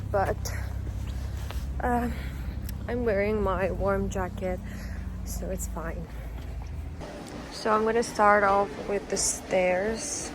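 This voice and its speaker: A young woman chatting casually to her camera as a vlogger, relaxed and chatty with small laughs. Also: medium pitch, background noise. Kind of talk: casual vlog chat.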